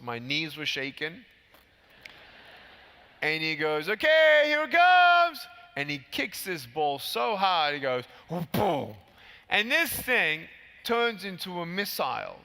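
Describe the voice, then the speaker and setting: A man in his thirties giving a motivational keynote speech at a large convention, telling stories and acting out the scenes. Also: high voice. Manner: animated storytelling, acting out scenes. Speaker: keynote speaker. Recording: long hall reverb from PA.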